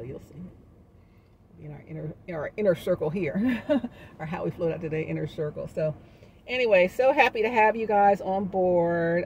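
A woman's voice: lowish voice, darkish tone, lo-fi sound, a little hiss or hum. A woman giving a casual, encouraging motivational talk to her viewers as a wellness vlogger. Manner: upbeat, encouraging, sings snippets and laughs.

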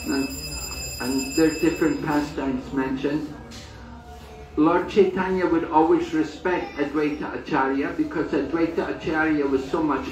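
A man with a fairly high voice tells a sacred story as a sermon, unhurried and full of restarts. He acts out the quotes as he goes. The recording is echoey and he sounds set back from the mic. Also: distant mic. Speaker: swami giving a talk at a holy site.

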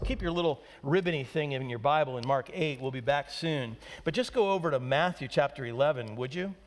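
A male pastor preaching a sermon, animated and peppering the congregation with rhetorical questions. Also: a little high. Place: church sanctuary. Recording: long church hall reverb.

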